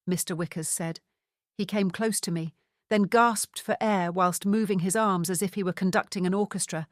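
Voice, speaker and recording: A woman reading a first-person mystery audiobook in a steady, measured storytelling voice. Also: mid-range voice, dry recording, clean studio sound. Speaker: audiobook narrator.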